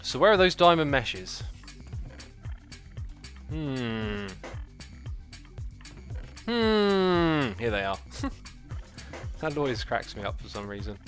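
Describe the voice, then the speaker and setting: Give me a male game streamer, chatty and jokey, with a bright, forceful voice. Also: medium pitch, moderate pace, faint music behind. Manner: rambling, chatty, lots of "like" and "uh"; excitable outbursts, playful and jokey. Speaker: livestream host playing a game. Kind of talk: casual gaming commentary.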